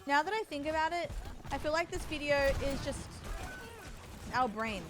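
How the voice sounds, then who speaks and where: Chatty high-voiced woman streamer. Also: expressive, moderate pace, noisy background. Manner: chatty, playful, swears casually. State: tired. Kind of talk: casual gaming stream chat.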